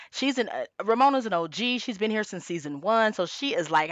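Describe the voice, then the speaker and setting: A woman's voice: mid-range voice, lively intonation, moderate pace, hardly any pauses, a bit bright, dry recording. A woman giving a casual tarot reading, talking chattily and with emphasis, sometimes acting out quoted lines. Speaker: tarot reader.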